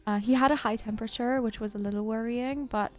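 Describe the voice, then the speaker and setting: A woman's voice: on the high side, fairly even intonation, quick pace, soft background music. A woman livestreamer chatting casually, telling a rambling story with lots of fillers and restarts.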